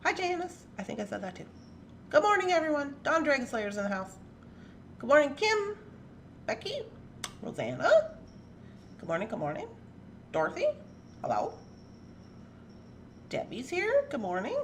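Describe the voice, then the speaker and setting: Woman host, casual morning stream; high, sing-song delivery, home mic with a little noise. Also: very animated, normal speed, pauses often. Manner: chatty, greets viewers one by one by name; playful baby talk to her cats. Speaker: livestream host. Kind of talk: casual morning livestream chat.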